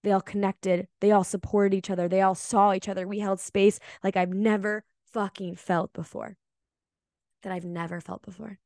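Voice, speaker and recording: A woman's voice: mid-range voice, flat delivery, moderate pace, few pauses, darkish tone, no room sound. Heartfelt woman podcaster, dry close sound. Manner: heartfelt, emphatic, occasional swearing. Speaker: podcast host. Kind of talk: reflective podcast monologue.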